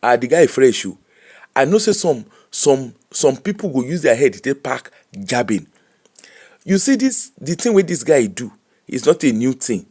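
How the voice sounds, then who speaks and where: Man, nigerian pidgin accent, middle-aged, casual live-stream chat, animated, mixes pidgin and english. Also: medium pitch, normal speed. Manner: animated, laughing, switching between Pidgin and English. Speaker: host.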